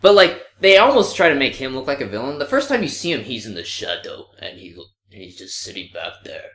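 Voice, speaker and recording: Male podcast co-host, lively mocking delivery, bright tone, roomy echo. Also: medium pitch, fairly quick. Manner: animated, mocking impressions, swears freely. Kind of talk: casual movie review chat.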